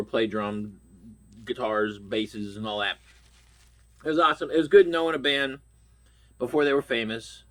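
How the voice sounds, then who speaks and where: A man's voice: medium pitch, fairly bright tone. A middle-aged man from Pittsburgh with a stuffy nose, ranting bluntly and swearing constantly. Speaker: vlogger. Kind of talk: profane rant.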